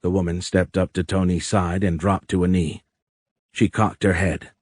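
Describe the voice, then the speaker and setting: Deep voiced guy reading an audiobook, slow and even, dry close mic. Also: no room sound. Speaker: audiobook narrator. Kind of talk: scripted audiobook narration.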